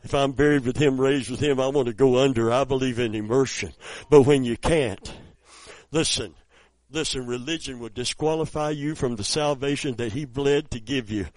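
A man preaching a sermon, telling a story softly and then rising into loud, high exclamations. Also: normal speed, dry recording, low-quality recording.

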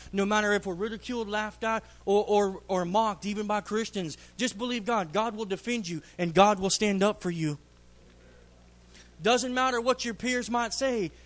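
A man's voice: high voice, a bit bright. A man preaching a fervent sermon in a church, repeating phrases for emphasis.

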